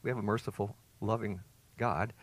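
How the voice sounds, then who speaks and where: A man preaching a sermon as pastor, earnest and emphatic, rising to loud peaks and dropping to soft, hushed phrases. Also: on the low side, fairly even intonation, moderate pace.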